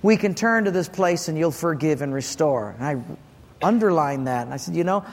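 Guy pastor preaching then praying, kinda high voice, big echoey church sound. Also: lively intonation, moderate pace. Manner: storytelling, earnest, quotes dialogue, prays aloud. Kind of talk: sermon. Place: church sanctuary.

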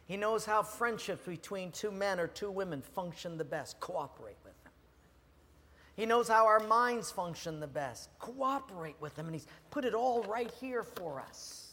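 A male preacher delivers an animated sermon, his fairly high voice swinging from loud to hushed. A long hall reverb hangs on his words over faint room ambience. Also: slight background noise.

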